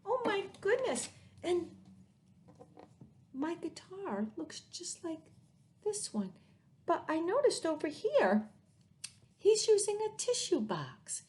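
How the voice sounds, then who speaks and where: A woman's voice: extremely high pitch, sing-song, slow, long pauses, noisy background. A woman teacher reading a picture book aloud to young children, sing-song and playful with the sound words.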